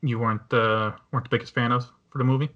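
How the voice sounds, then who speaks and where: A man's voice: medium pitch, steady tone, quick pace, muffled recording. Rambling man reviewing a movie. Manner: rambling, many fillers and restarts. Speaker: podcast host. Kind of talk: casual movie review chat.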